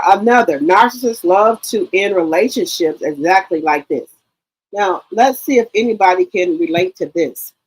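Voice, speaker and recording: A woman in her sixties hosts a casual live stream, reading viewer comments aloud in an animated, profane way and repeating herself. Her mid-range voice has a breathy edge, and the recording is rough.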